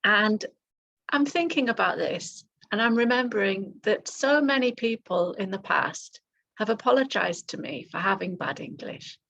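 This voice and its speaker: A woman teaching English directly to the camera, speaking clearly and encouragingly and acting out example phrases for learners. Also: medium pitch, expressive, normal speed, a bit bright, dull audio.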